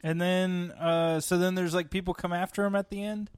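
A man's voice: high-pitched, flat delivery, normal speed, clear, resonant tone, no echo, clean studio sound. A young man in casual chat, hesitant and asking questions to follow the story.

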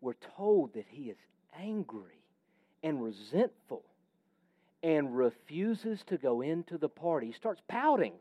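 A man's voice: a little high, sing-song, measured pace, mellow, no echo. A man preaching a sermon with emphatic, varied delivery that sometimes drops almost to a whisper. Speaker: pastor.

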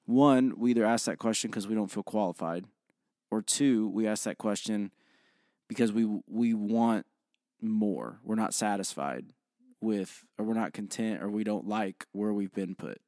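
A man co-hosting a faith podcast in casual chat, speaking in a calm, measured way. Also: on the low side, no room sound, studio quality. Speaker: podcast co-host.

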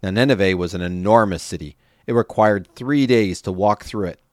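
A man reading scripture aloud in a measured, steady way. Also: lowish voice, no room sound, clean studio sound. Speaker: scripture reader.

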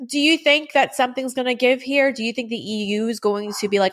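A woman hosting a news commentary show, presenting stories and interviewing a guest in a brisk, direct manner. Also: on the high side, fairly bright tone. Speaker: show host.

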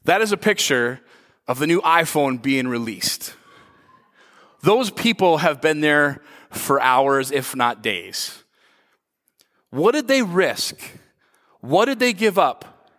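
A man in his thirties preaching a sermon, telling stories with lively, acted-out shouts. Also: a little high, slow, long pauses. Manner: animated storytelling, acts out his own shouts. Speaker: pastor. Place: church hall. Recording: long hall reverb.

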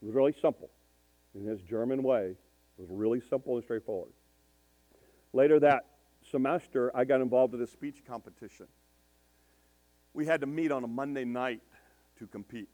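An older man preaching in a storytelling way, emphatic and slowing down to stress his points. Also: medium pitch, dark tone. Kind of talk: storytelling sermon.

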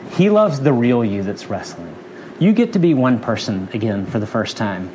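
A man's voice: mid-range voice, very animated, normal speed, a little mellow, a little hiss or hum. A man preaching a sermon in an earnest, conversational way, building through repeated phrases. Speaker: pastor.

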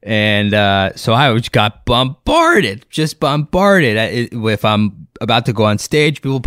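A man's voice: medium pitch, big pitch swings, a little slow, a bit bright, no echo, studio quality. A man, a comedian and impressionist, telling a rambling, profane, self-deprecating story in a casual way.

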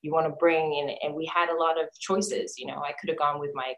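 A woman actor being interviewed in casual chat, animated and laughing often, trailing off and restarting as she talks. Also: low-pitched, a little fast. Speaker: actor guest. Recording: roomy echo.

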